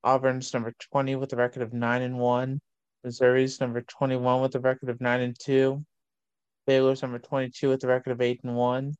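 A man, hosting a casual sports show and reading long lists of college rankings in a steady way. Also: mid-range voice, brisk, clear, resonant tone, dry recording, muffled recording.

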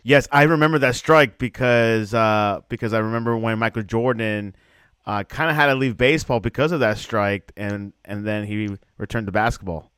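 A man's voice: lowish voice, moderate pace, a bit bright, clean tone, dry recording, studio quality. A male interviewer asks questions over a video call in a hesitant manner.

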